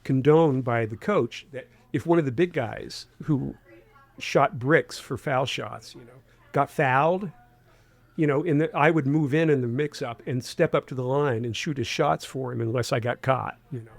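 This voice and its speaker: A gravelly, mid-range voice at a moderate pace belongs to this interview guest, a man in his sixties from Huntington, West Virginia. With a faint Appalachian accent, he rambles through the conversation, restarting phrases and leaning on fillers.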